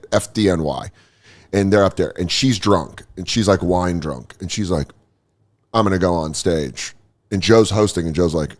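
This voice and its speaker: Animated man telling a story. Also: on the low side. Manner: animated, acts out quotes, laughs mid-story. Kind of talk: casual storytelling chat.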